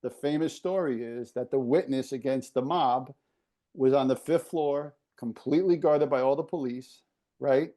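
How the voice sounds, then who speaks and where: A man from the New York area, a podcast guest telling animated stories with frequent restarts. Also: medium pitch, normal speed. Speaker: former basketball operations director, guest. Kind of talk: casual storytelling.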